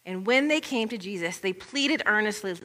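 A woman pastor preaches in a relaxed, conversational way, tossing in informal asides as she explains scripture. Her voice is bright and forward, and it carries a long reverb from a large church hall. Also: mid-range voice, normal speed. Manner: chatty, informal asides with "like" and "you know". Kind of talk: conversational sermon.

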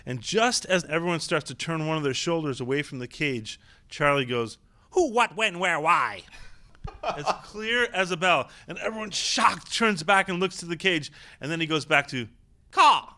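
Animated male actor telling stories. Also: fairly high pitch, normal speed, hardly any pauses. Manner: animated, laughing raconteur. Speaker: actor guest. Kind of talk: casual interview storytelling.

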